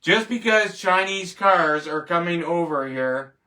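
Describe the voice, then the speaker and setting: Rambling man, bright, off-mic. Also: fairly high pitch, animated, a little slow. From Canada. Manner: rambling, emphatic, scoffing verdicts. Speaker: show host. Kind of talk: casual rant show. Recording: voice distant from the mic.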